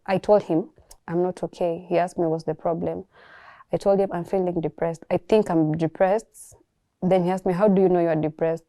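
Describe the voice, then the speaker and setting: A young Kenyan woman calmly telling her personal story, reflective and soft-spoken, often pausing to restart a thought. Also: fairly low pitch, no room sound, clean studio sound. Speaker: guest sharing her story. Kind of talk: personal testimony.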